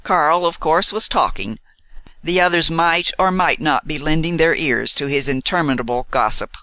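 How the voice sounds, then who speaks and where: A man narrating an audiobook novel in an expressive, measured storytelling manner. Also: fairly high pitch, no room sound.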